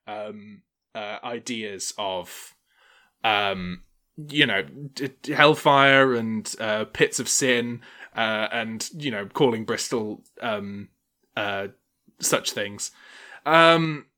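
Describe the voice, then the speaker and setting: A man narrating as game master, halting often with fillers between phrases. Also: on the low side, bright, forceful tone.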